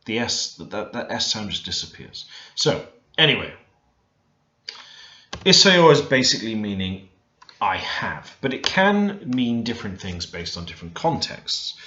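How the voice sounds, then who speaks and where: A man teaching beginner vocabulary in a relaxed, thinking-aloud way, often stopping to correct himself. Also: lowish voice, normal speed. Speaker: language learner teaching Korean. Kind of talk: screen-recorded language lesson. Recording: roomy, dull lo-fi screen recording.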